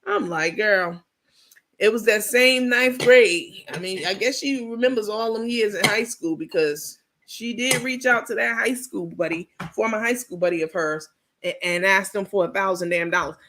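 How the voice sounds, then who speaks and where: A woman's voice: medium pitch, normal speed, a bit bright, a little hiss or hum. Sassy woman host, casual gossip commentary, blunt and profane, rambles with fillers. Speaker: host of a reality TV gossip stream.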